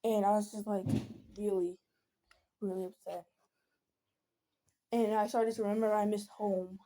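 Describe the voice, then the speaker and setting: A woman's voice: mid-range voice, level tone, measured pace, mellow. A young woman venting in a casual storytime vlog, rambling with many fillers and restarts. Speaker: vlogger.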